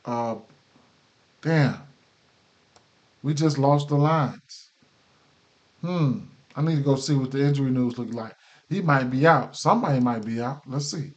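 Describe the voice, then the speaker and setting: A man with a mid-range voice, recorded with lo-fi sound, hosts a casual sports betting picks show, speaking unhurriedly and pausing often. He has the hiccups, talks loosely with plenty of fillers and restarts, and keeps repeating himself.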